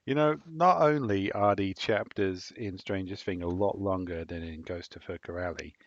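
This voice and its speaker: Podcast host, man, low voice, dry teasing delivery, dull lo-fi recording. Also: moderate pace. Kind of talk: casual podcast chat.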